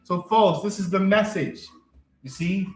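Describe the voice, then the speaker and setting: A man's voice: sits high, a little slow, roomy sound, soft background music. A man coaching on a live stream, answering chat in an emphatic, repetitive way and often checking that listeners follow him.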